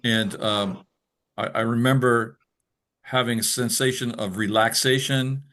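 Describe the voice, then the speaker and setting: A man's voice: medium pitch, steady tone, unhurried, a bit bright. A man cohosting a podcast, explaining things thoughtfully for newcomers as he shares his own experience. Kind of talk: reflective podcast talk.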